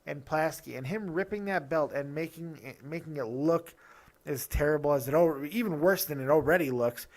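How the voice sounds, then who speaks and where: A man hosting a casual wrestling review show, ranting with quick asides and restarts. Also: fairly high pitch. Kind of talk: casual opinionated review talk.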